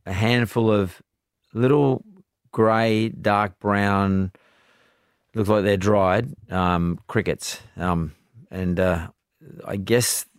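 A man's voice: on the low side, no room sound. A man hosting a podcast interview, asking curious, probing questions into a close studio mic. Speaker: podcast host. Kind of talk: interview chat.

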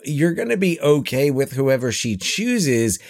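A man's voice: mid-range voice, big pitch swings, unhurried, vocal fry, a little mellow, no room sound, clean studio sound. A man co-hosting a podcast, chatting casually about a film, often stumbling as he agrees. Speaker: podcast co-host.

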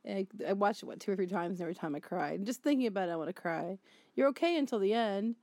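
A woman co-hosting a podcast in casual chat, quick, teasing and blunt. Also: mid-range voice, lively intonation, warm tone, no echo. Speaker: podcast co-host.

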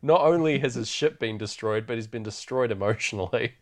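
A podcast host with a brisk, mid-range voice chats loosely through a casual film recap, laughing often.

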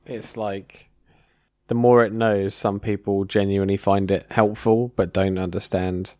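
A man's voice: on the low side, flat delivery, unhurried, darkish tone, no room sound, studio quality. A man in a casual podcast chat, laid-back and blunt in how he speaks.

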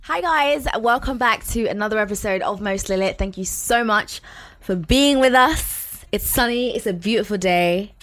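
A woman co-hosting a podcast in casual chat, animated and emphatic, often laughing. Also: medium pitch, moderate pace. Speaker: podcast co-host.

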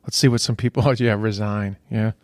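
A commentator reacting to social media posts rants in a fairly low, fairly even voice at a fairly quick clip, with a slightly mellow tone and no room sound. He's indignant and profane, repeating himself as he gets worked up.

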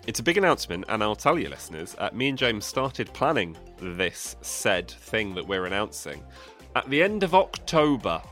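A man's voice: on the low side, sing-song, moderate pace, fairly bright tone, soft background music. A man co-hosting a podcast in casual chat, rambling and self-mocking. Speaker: podcast co-host.

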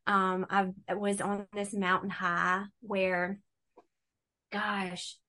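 A middle-aged woman telling her faith testimony in a relaxed conversation, animated and acting out the voices she quotes. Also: medium pitch, very slow. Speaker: guest.

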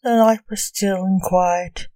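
A woman narrates a scripted gothic story, slow and measured. Her tone is soft and mellow. The recording is dry and close. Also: mid-range voice, steady tone, dry recording. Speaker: podcast narrator.

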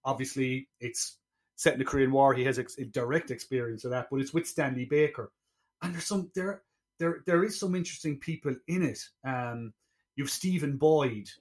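A man with a mid-range voice co-hosts a relaxed podcast. He is chatty and laughs easily. He often circles back and restarts his thoughts. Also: mid-range voice, normal speed. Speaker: podcast co-host. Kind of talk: casual chat.

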